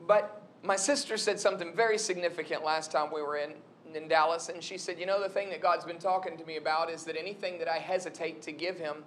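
A young adult preacher with a slightly high voice gives a sermon in a conversational, storytelling style, animatedly retelling events. There's a little background noise.

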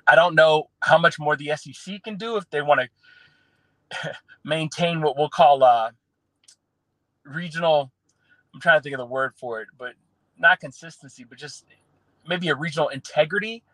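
A man's voice: on the high side, normal speed, long pauses, no echo, rough recording. Opinionated southern man on sports talk. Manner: opinionated, animated, restarts phrases. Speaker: sports radio guest.

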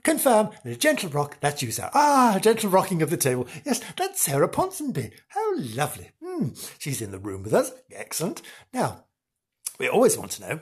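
A man playing a fussy, dithering woman field reporter in a comic sketch, with a husky voice. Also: high-pitched, voice pushed up, heavily acted. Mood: excited. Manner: fussy, dithering, shrieking with alarm. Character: flustered, excitable middle-aged woman field reporter. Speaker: on-location reporter.

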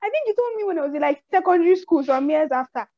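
A young woman with a Nigerian accent hosting a podcast, telling personal stories in an animated way and acting out the people in them. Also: very high voice, quick pace, no room sound. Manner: animated storyteller who acts out quotes. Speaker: podcast host. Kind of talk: casual chat, personal storytelling. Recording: slightly dull, dry audio.

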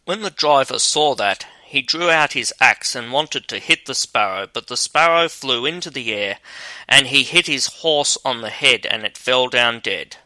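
A man narrating a fairy tale in a steady, measured storytelling manner. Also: medium pitch, dry recording, low-quality recording.

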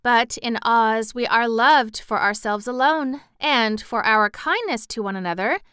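A kindly young fairy princess speaks with gentle, measured courtesy, voiced by a woman reading aloud. The voice is bright and lightly raised, with crystal clarity in a dry, close recording. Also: on the high side, clean tone, no room sound, voice pushed up. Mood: gracious. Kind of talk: audiobook character reading.

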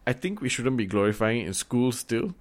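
A man's voice: medium pitch, sing-song, a little fast. A man from Singapore with a Singaporean English accent, giving frank, opinionated views in a casual chat and swearing now and then.

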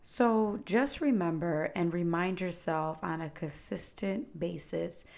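A woman's voice: on the low side, slow pace, creaky, darkish tone. A woman hosting her own podcast, giving an earnest and encouraging motivational talk straight to her listeners. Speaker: podcast host. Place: at home indoors.

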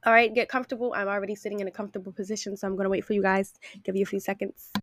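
A young woman of about twenty talks straight into a podcast mic in a casual solo show. She speaks bluntly and swears freely, but stays affectionate toward her listeners. Her voice sits at an ordinary pitch, and the sound is dry and close. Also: level tone, very fast, fairly bright tone, no echo. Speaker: podcast host. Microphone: podcast microphone.

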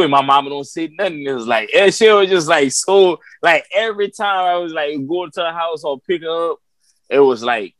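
A man with a mid-range voice tells a rambling story on a podcast. He is laid-back and hesitant, pausing often on fillers, and the recording is dry and close. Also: on the high side, lively intonation, fairly bright tone, dry recording. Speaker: podcast co-host.

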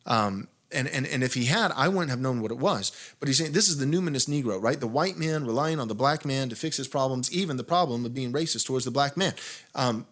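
A man's voice: medium pitch, a little fast. A man, a pastor hosting a podcast, telling a long story in casual conversation, growing more heated with frequent restarts. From United States. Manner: animated, rising intensity when indignant, frequent restarts.

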